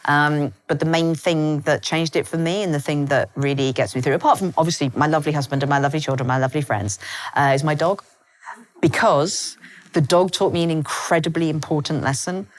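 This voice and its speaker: Woman, 50s, low-pitched guest author; rapid, comic, self-mocking storyteller. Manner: rapid, animated storytelling with frequent laughs. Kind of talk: live podcast conversation.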